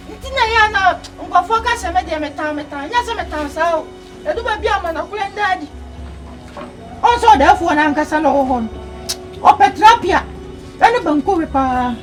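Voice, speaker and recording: Outspoken village woman, very high voice, forceful, music under. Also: lively intonation, moderate pace. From Ghana. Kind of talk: film drama dialogue. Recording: film score behind voice.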